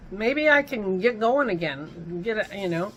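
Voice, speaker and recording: A woman's voice: mid-range voice, lively intonation, a little slow, a bit bright, slight background noise, poor audio. Rambling, chatty woman vlogging at home. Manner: rambling, chatty, self-interrupting. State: hiccuping. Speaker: vlog host. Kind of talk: casual chatty vlog.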